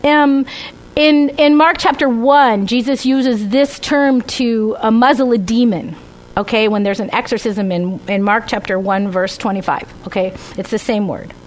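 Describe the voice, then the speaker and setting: A woman's voice: on the high side, measured pace, low-quality recording. A woman teaching a Bible study class with slides, talking conversationally and often checking in with "right?" and "okay?".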